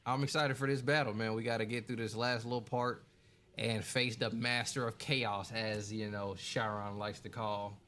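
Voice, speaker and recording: A man's voice: fairly low pitch, little pitch movement, a little slow, pushed and bright. A young man hosting a casual late-night gaming livestream, greeting viewers by name in a laid-back, colloquial way. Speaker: gaming streamer.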